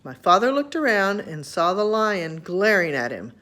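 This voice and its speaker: A woman reading a children's chapter book aloud to her grandchildren, expressive and homely. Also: medium pitch, moderate pace.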